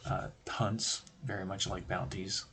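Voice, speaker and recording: A man's voice: deep voice, flat delivery, unhurried, fairly bright tone, a little hiss or hum. A man hosting a stream, explaining tabletop game design in a rambling, conversational way with joking asides. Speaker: stream host.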